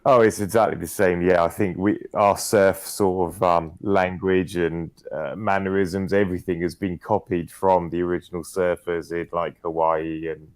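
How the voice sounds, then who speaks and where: Deep-voiced Cornish man, relaxed. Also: normal speed, hardly any pauses, dry recording. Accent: Cornish English. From Cornwall, England. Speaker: guest, veteran UK police officer. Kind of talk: casual interview chat.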